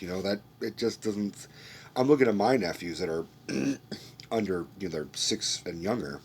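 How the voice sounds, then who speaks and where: A man's voice: low voice, lively intonation, normal speed, loud music behind the voice. A young man giving a rambling, profanity-laced casual movie review rant, often restarting his sentences.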